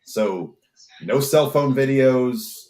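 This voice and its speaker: A man's voice: mid-range voice, expressive, very slow, a crowd in the background. Rambling, swearing male podcast host. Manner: rambling, swears, many restarts. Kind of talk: casual chat.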